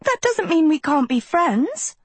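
A woman voicing a vain teenage girl who sweet-talks and pleads in a breathy, coaxing voice. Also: fairly high pitch, very animated, normal speed, a little mellow, no echo, pitched above the performer's own voice.

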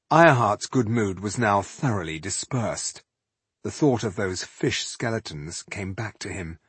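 A man reads a fantasy audiobook in a measured, expressive way. His voice is husky and moves a lot in pitch. The recording is dry and close, with no room sound. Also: no echo. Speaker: narrator. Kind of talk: audiobook narration.

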